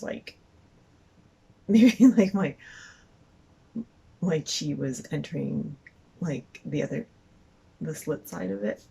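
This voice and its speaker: A woman's voice: sits low, creaky, warm tone, breathy edge, poor audio. A young woman, a mother, rambling through a story to the camera with many fillers and frequent laughter. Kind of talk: casual storytelling.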